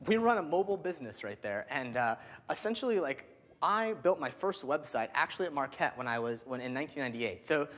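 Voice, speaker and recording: A man in his thirties giving an energetic keynote speech, with lots of "um" and "like" fillers. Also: on the high side, quick pace. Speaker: keynote speaker. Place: large hall. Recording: long hall reverb.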